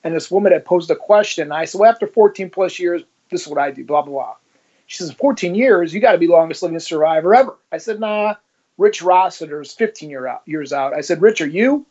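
As an interview guest, a former police officer with a slightly high voice tells stories casually and fairly quickly, animatedly acting out the quoted dialogue, captured on slightly muffled lo-fi audio.

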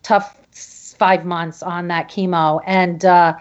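A middle-aged woman from Connecticut, a podcast guest, telling a personal story in a halting way with many restarts. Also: lowish voice, little pitch movement, muffled recording. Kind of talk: emotional personal interview storytelling.

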